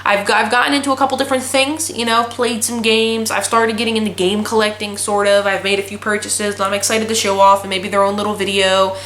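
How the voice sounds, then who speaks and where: A woman's voice: mid-range voice, little pitch movement, a little fast, few pauses, a bit bright, slight background noise. Echoey, blunt young woman ranting. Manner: blunt, profane ranting storyteller. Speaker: vlogger. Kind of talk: casual chat. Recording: echoey room.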